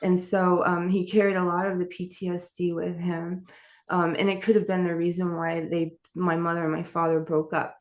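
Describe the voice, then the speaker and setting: A woman telling her life story in an interview, candid and rambling, with many fillers and restarts. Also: fairly low pitch. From New York. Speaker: author and interview guest.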